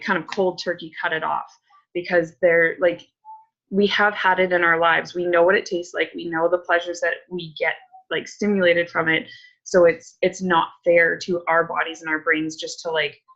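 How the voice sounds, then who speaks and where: A woman's voice: fairly low pitch, a bit bright, muffled recording. A woman coach leading a casual group check-in, chatty and candid, full of likes and ums.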